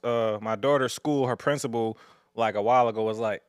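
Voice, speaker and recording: A young man co-hosting a podcast, making quick jokes and swearing in casual chat. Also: mid-range voice, steady tone, clear, resonant tone, dry recording, clean studio sound. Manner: quick, wisecracking, swears freely. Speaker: podcast co-host.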